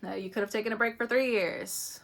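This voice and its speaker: A woman's voice: on the high side, fairly even intonation, a little fast, creaky, fairly bright tone. A woman giving a casual spiritual astrology reading to the camera, chatty, swearing freely and laughing often between phrases. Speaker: astrology reader.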